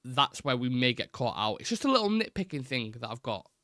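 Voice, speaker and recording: A man's voice: medium pitch, very animated, brisk, a bit bright, no echo, studio quality. A young man hosting a live football fan show, chatting through his opinions and reading viewer comments, with plenty of fillers and restarts.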